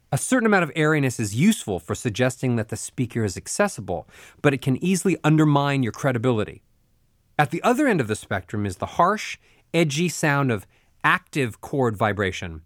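A man coaching listeners through a voice lesson, speaking in a steady, instructive way at a middling pitch. He lays out each step plainly. His voice is close and dry, with no room sound. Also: no echo. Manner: measured, instructive, gives step-by-step directions. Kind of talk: spoken voice lesson.

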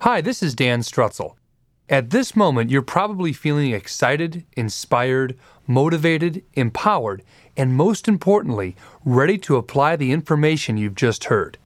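A man's voice: on the high side, no room sound, studio quality. A man reading a scripted, persuasive promotional message for an audio program. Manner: upbeat, persuasive sales delivery. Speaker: program announcer.

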